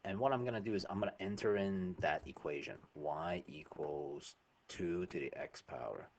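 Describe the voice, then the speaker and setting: A man's voice: deep voice, normal speed, a little hiss or hum. A man teaching a math lesson over a screen recording, chatty and informal, often checking in with "right?".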